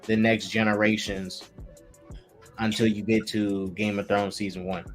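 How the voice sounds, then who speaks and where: A man in casual group conversation about a TV show, his voice sitting a little low. He gets excited and trips over restarts as he goes. Faint music plays underneath. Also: a little slow. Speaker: podcast host.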